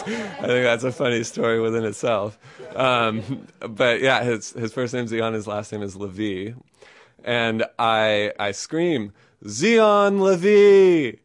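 A man's voice: lowish voice, a bit bright, no echo, clean studio sound. A man telling a personal story to a live audience, chatty and self-amused, laughing often and peppering his speech with fillers.

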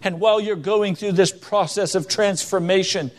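A man's voice: high-pitched, normal speed. A man preaching a sermon with emphatic delivery, rising and falling for stress, acting out quoted voices in his stories. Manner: acts out quoted voices in anecdotes.

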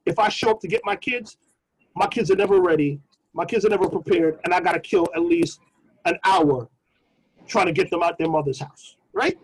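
A man co-hosting a podcast, telling a personal story in a casual, slangy, animated way. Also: high-pitched, fairly quick, husky, rough recording. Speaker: podcast co-host.

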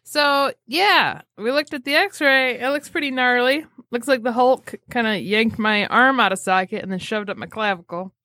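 A woman co-hosting a podcast, telling a story with animated, crude jokes. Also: fairly high pitch, normal speed, hardly any pauses, dry recording, studio quality. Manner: animated, joking, crude humor. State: injured shoulder. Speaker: podcast co-host. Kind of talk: casual chat.

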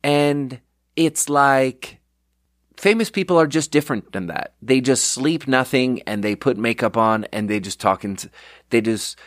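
Male solo podcast host, mid-pitched, dry close sound; digressive and self-mocking, acts out his anecdotes. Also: unhurried, no room sound. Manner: rambling, digressive, self-deprecating; animated storyteller who acts out quotes. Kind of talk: casual solo monologue.

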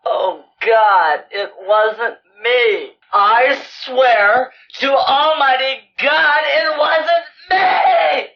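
A man's voice: very high voice, drawn-out words, few pauses, muffled recording, a faint crowd, full character voice. A young actor playing a terrified, tied-up teenage boy who begs and sobs in panic, in film dialogue. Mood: panicked. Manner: begging, panicked, sobbing.

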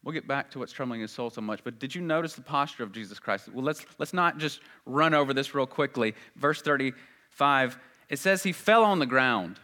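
Earnest bright-voiced male preacher. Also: animated, normal speed. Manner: earnest, swells loud and high at emphatic moments. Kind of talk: sermon.

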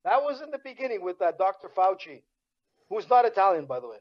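A man co-hosting a casual podcast chat, animated and peppering his talk with "man". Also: high voice, fast talker. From Montreal, Canada. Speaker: podcast co-host. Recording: dull lo-fi remote audio.

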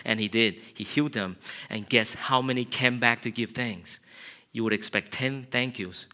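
Bright-voiced male pastor preaching. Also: mid-range voice, moderate pace. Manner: animated preaching, acting out quotes in raised voice. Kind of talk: sermon.

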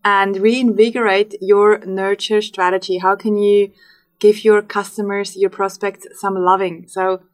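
A woman co-hosting a podcast in easygoing chat. Her voice sits at a middle pitch, and she laughs often and keeps the talk playful. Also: flat delivery, unhurried. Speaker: podcast co-host. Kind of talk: casual chat.

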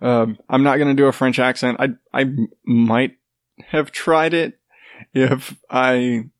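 A man's voice: medium pitch, fairly even intonation, unhurried, dry recording, clean studio sound. Stuffy-nosed man ranting casually. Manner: rambling, sarcastic, swears freely. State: congested, stuffy nose. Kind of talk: casual profane chat.

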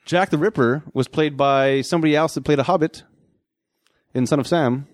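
A man's voice: on the high side, no room sound, clean studio sound. Rambling man co-hosting a podcast. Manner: rambling, halting restarts. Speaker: podcast co-host. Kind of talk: casual podcast banter.

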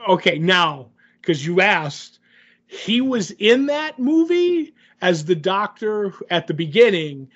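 A man with a notably high voice co-hosts a casual podcast and jumps in with quick fan-trivia corrections and joking remarks. The sound is dull and lo-fi. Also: very animated, fairly bright tone. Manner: chimes in with quick nerdy corrections and jokes. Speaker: podcast co-host.

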